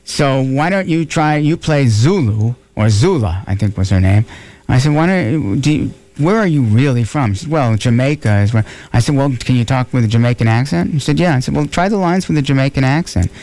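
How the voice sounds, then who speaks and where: A man's voice: mid-range voice, expressive, fairly quick, darkish tone. A man in his fifties with a New York accent, a guest telling jokey anecdotes in a casual radio interview. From New York (Bronx). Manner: storytelling, jokey asides. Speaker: actor and author guest.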